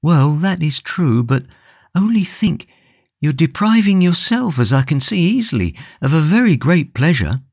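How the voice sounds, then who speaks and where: A man's voice: on the high side, big pitch swings, normal speed, darkish tone, no echo, pitched above the performer's own voice. A man voicing an eager, devoted young woman. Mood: earnest. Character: earnest young Dutch woman, gentle and devoted. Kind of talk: audiobook character reading.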